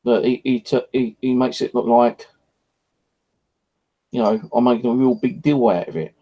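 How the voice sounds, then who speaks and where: A man's voice: medium pitch, fairly even intonation, normal speed, lo-fi sound. A man rambling in a casual evening chat, frustrated and swearing often as he vents. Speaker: vlogger. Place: at home, indoors.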